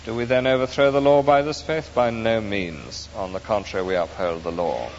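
At a moderate pace, a man with a lowish voice gives an earnest and emphatic sermon, walking his congregation through scripture. It was recorded in an echoey hall, sounding dull with a faint hiss.

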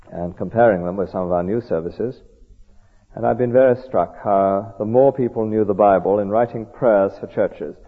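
Earnest preacher in a tinny hall. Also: male voice, fairly low pitch. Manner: earnest, measured, conversational. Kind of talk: sermon. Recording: tinny echoey hall recording.

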